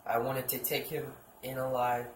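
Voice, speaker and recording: A man's voice: mid-range voice, completely flat delivery, normal speed. A young man hosting a casual show, rambling through a comic book story, swearing freely and acting out the characters' lines. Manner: rambling, swears, acts out quotes. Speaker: podcast host. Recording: echoey room, faint ambient noise.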